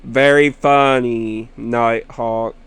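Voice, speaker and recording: A man's voice: mid-range voice, steady tone, fairly bright tone, smooth, no echo. A young man rambling casually about his sister and a game partner, telling stories with chuckles along the way. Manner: slow, rambling storytelling with chuckles. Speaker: gamer vlogger.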